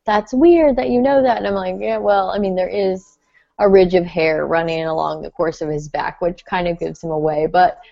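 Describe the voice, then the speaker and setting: A woman's voice: fairly low pitch, little pitch movement, moderate pace, creaky, darkish tone, no room sound, muffled recording. A woman co-hosting a podcast in casual chat, talking animatedly with giggles and playful bragging. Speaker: podcast co-host.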